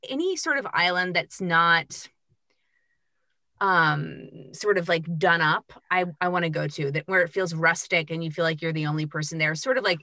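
A woman's voice: lowish voice, sharp tone, no echo, studio quality. A woman hosting a podcast, chatting casually and asking her guests curious questions. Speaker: podcast host. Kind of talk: casual chat.

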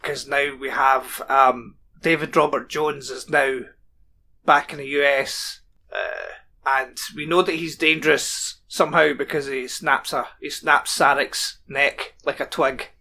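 A man's voice: mid-range voice, fairly even intonation, a little slow, sharp tone, slight background noise. A man co-hosting a casual podcast, chatting about a TV show and reading plot summaries aloud. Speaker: podcast co-host. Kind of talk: casual chat.

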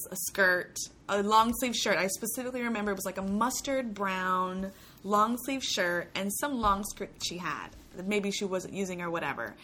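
A woman's voice: medium pitch, pushed and bright, slight background noise. A young woman from Puerto Rico, a guest in a casual interview, telling stories chattily with frequent laughs and restarts. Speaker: guest, actor.

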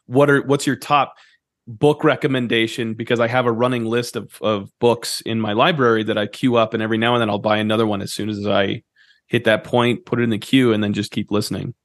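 A man speaking as a podcast guest, relaxed and plain-spoken about how he learns. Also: on the low side, brisk, no room sound, studio quality. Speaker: business guest. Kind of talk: podcast interview.

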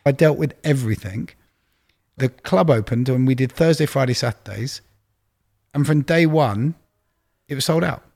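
Brief: middle-aged man, casual interview guest, anecdotal and chatty, even mid-range pitch. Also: moderate pace, gravelly, long pauses. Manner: chatty anecdotal storyteller, exaggerates for laughs. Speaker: record label executive, guest.

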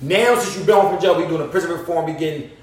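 A man in a heated casual debate on a podcast, animated and argumentative, often cutting in on the others. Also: fairly high pitch, rapid-fire, far from the mic, crowd noise. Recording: very echoey room.

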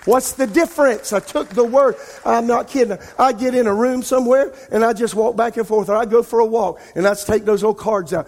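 High-pitched pastor preaching. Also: male voice, moderate pace, few pauses. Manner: impassioned, rising and falling in loudness. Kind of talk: sermon. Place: church sanctuary. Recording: long reverb of a large church hall.

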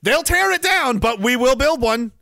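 A sarcastic, foul-mouthed podcast host with a high, bright voice. He rants casually and swings his pitch all over the place, breaking into loud laughter. The sound is dry and close. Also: animated, moderate pace, creaky, no room sound. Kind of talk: casual livestream rant.

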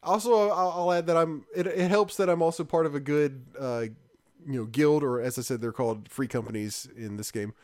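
A man's voice: on the high side, a little fast, a little mellow. A man co-hosting a casual podcast, talking in an easygoing, rambling way. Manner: rambling, easygoing, self-correcting. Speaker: podcast co-host. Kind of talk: casual podcast chat about games.

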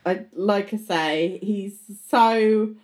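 A woman's voice: mid-range voice, drawn-out words, a little mellow. A woman in casual podcast chat, talking emphatically, swearing and laughing often. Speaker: podcast co-host.

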